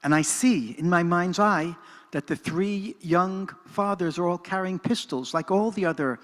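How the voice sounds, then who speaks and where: Older man telling a story, a bit high-voiced. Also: measured pace, a bit bright. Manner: earnest and dramatic, shifting between narration and reflection. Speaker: speaker at a presentation. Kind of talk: personal storytelling talk. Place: synagogue hall. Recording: reverberant hall.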